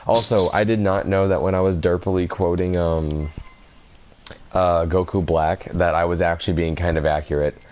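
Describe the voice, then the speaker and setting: A man's voice: low voice, steady tone, moderate pace, a little mellow. A young man chatting casually about games and anime, laughing a lot and swearing offhandedly. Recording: background noise.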